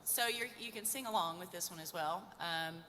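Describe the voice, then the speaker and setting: A woman's voice: lowish voice, pushed and bright. A young woman, a folk singer, chatting and laughing between songs on a live stage. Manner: chatty, laughing, quick asides. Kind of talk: casual on-stage storytelling. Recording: live stage in a reverberant hall.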